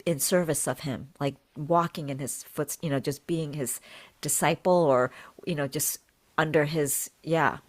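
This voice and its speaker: A woman's voice: deep voice, measured pace. A woman, a healer and podcast guest, earnestly recounting a personal spiritual experience, repeating phrases for emphasis and acting out what was said. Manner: animated, acts out her own and others' words. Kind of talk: emotional personal storytelling.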